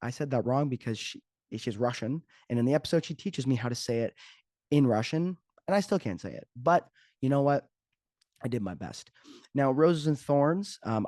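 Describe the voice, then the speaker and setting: A man's voice: medium pitch, darkish tone, dry recording, clean studio sound. A man hosting his own podcast as a fitness coach, talking casually and joking off the cuff. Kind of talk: casual solo podcast talk.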